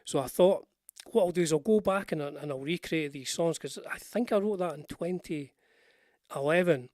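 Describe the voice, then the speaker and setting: A man's voice: fairly high pitch, normal speed, darkish tone, dry recording, clean studio sound. An older Scottish man hosting a casual livestream, chatting in a meandering way with frequent restarts and asides. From Scotland. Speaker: livestream host. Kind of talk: rambling casual livestream chat.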